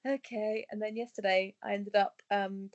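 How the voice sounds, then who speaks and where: A woman's voice: mid-range voice, normal speed, dull audio. A woman co-hosting a podcast in casual chat, talking in a chatty, self-mocking way and laughing often. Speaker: podcast co-host.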